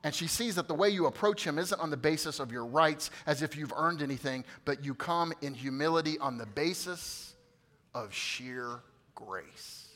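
Male pastor, high bright voice, preaching with big loud-to-hushed swings. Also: fairly quick, hardly any pauses. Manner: swings from loud emphatic peaks to quiet hushed asides; addresses the congregation directly, coaxing responses. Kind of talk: sermon.

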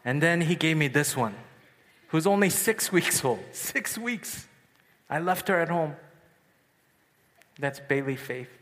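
A man in his thirties gives a sermon, telling a personal story that swings from hushed, slow passages to excited bursts. His voice sits a touch high. The sound rings with long reverb from a large hall. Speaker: youth retreat speaker.

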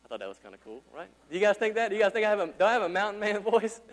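A man's voice: big pitch swings, very fast. A male pastor preaching a sermon in a church, talking conversationally and asking his congregation questions. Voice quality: deep. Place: church sanctuary. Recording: hall reverb with mains hum.

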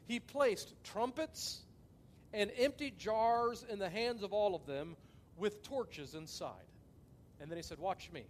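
A man preaching a sermon, telling the story with lively acted-out quotes and big swings between loud and soft. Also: sits high, normal speed, a little hiss or hum. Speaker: pastor.

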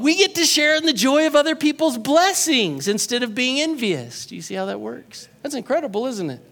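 High, bright-voiced male pastor preaching. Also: moderate pace. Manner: animated, joking, acts out quoted voices. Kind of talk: sermon.

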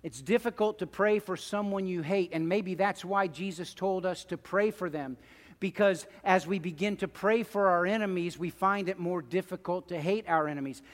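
A middle-aged man preaching a sermon, moving between loud pleading and quiet, hushed asides. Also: high voice, normal speed, long reverb tail. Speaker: pastor.

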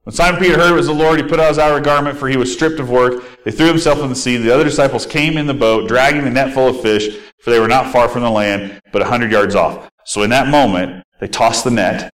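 A man's voice: mid-range voice, quick pace, few pauses, poor audio. Male Bible teacher, informal conversational delivery, mid-range voice.

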